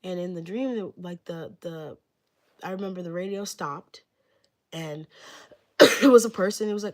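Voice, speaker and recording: A woman's voice: lowish voice, moderate pace, long pauses, darkish tone. A young woman telling a story on a livestream in a rambling, casual way, filling nearly every phrase with "like". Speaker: livestreamer giving readings.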